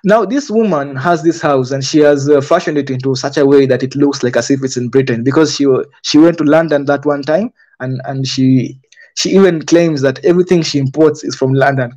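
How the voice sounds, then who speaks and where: A man's voice: mid-range voice, steady tone, fairly quick, darkish tone, dull audio. A man gives indignant commentary on a book he reads aloud, often asking pointed rhetorical questions.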